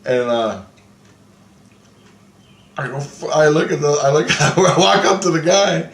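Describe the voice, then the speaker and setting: A man's voice: fairly high pitch, expressive, measured pace, creaky, fairly bright tone. A man casually telling a dream story in a rambling, profane way. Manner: profane, rambling, acts out quotes. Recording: echoey room with faint background noise.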